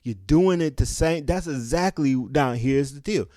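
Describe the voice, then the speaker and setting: A man's voice: a little high, a little slow, mellow, no room sound, studio quality. A young man giving a passionate, preachy opinion commentary, often asking "guess what?" to drive his point home. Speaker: commentary vlogger.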